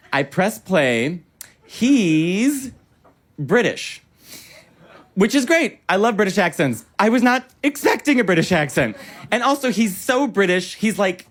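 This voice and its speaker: A man doing a stand-up comedy set in a club, telling stories in an animated, theatrical way with sudden bursts of excitement. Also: high voice.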